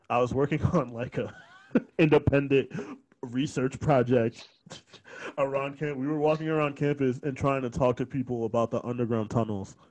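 A young man chats casually on a podcast, rambling through stories and often breaking into laughter. His voice is mid-range with a darkish tone, captured on a close studio mic in a rough recording.

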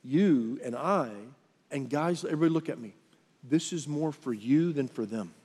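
Male pastor, sermon delivery, slightly higher voice, conversational, long hall reverb. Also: moderate pace, breathy edge. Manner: conversational, with lively acted quotes.

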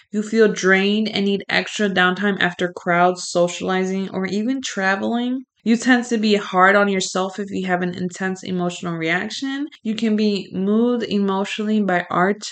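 A young woman hosting a podcast alone, chatting candidly and laughing often between her remarks. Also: medium pitch. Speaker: podcast host. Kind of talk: casual solo podcast monologue.

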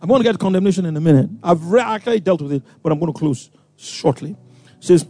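A man preaching a sermon, animated and acting out voices, with sudden loud outbursts. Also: fairly high pitch, fast, faint music behind. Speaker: pastor.

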